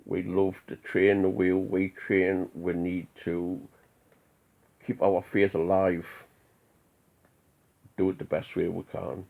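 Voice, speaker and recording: A man's voice: sits low, little pitch movement, slow, gravelly, pauses often. A man from an Odinist group giving a preachy, defiant rant full of rhetorical questions. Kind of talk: ranting monologue. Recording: tinny phone-like audio.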